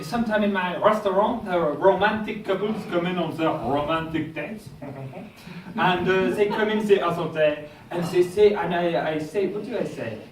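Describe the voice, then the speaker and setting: A man performing a live comedy magic act at a party, joking with the crowd in a put-on French waiter voice. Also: high-pitched. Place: golf club function room. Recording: echoey function room from far off, loud party noise.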